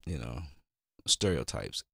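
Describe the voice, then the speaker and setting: Male comedian guest, gravelly, very animated pitch, dry sound. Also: unhurried, no echo. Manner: laid-back, acts out voices in anecdotes. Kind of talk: casual storytelling chat.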